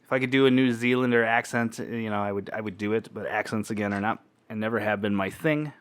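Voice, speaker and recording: A man's voice: on the low side, fast talker, clear, resonant tone. A man co-hosting a casual podcast, chatting and joking as he reads out odd news stories. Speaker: podcast co-host. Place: home podcast setup.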